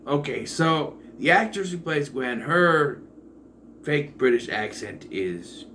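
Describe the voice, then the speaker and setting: A man giving a casual, rambling movie review, full of fillers and the occasional swear, jumping between loud excitement and quiet asides. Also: fairly high pitch, takes it slowly, slight background noise. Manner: rambling and digressive, with profanity and many fillers.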